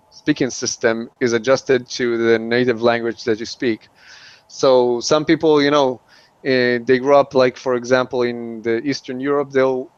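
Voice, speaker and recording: A man's voice: mid-range voice, smooth, no echo. A man from the East, speaking English as an as an interview guest, talking hesitantly with many restarts and fillers. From Middle East. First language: not English. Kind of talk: casual interview. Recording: dull lo-fi sound.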